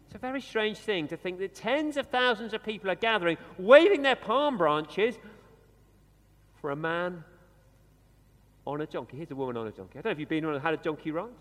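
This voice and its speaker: A man preaching a conversational sermon in a church, slowing down and dropping his voice for emphasis. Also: high-pitched. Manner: conversational, animated, with dramatic pauses and slowed emphasis. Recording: long reverb of a church hall.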